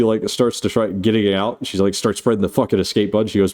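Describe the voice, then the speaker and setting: Deep-voiced man rambling through a movie recap. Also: fairly even intonation, brisk, few pauses, a little mellow. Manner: rambling, profane, laughs often. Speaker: host.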